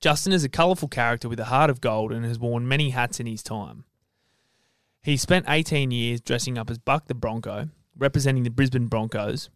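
A man's voice: mid-range voice, a little fast, a bit bright, clear, resonant tone, no room sound, clean studio sound. A man co-hosting a podcast, joking and bantering cheekily. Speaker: podcast co-host. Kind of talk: casual chat.

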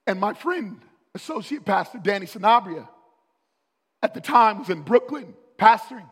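A man preaching a sermon as a pastor, rising to loud, urgent peaks of emphasis. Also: high voice, lively intonation, moderate pace, slightly rough, in a large hall.

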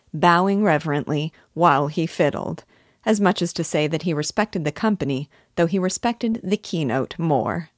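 Woman teacher reading a novel out loud, low voice, dry close sound. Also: dry recording. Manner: measured, expressive reading. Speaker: literature teacher.

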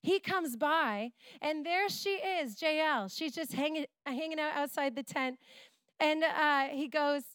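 Lively high-voiced woman preacher. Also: a little slow, no room sound. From Canada. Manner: animated, playful storytelling with asides. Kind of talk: sermon. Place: church.

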